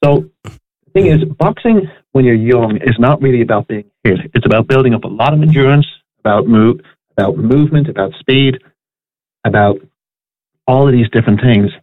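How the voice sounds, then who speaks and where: A man's voice: mid-range voice, moderate pace, no echo. A middle-aged man talking casually and emphatically, with frequent restarts, as a guest on a chat show. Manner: emphatic, opinionated, restarts often. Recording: dry tinny phone line.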